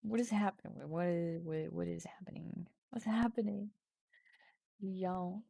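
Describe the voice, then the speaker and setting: Slow-talking playful woman streamer. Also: on the low side, vocal fry, husky, no echo. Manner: playful, giggly, swings into loud mock shouting. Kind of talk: casual livestream, reading a text adventure aloud.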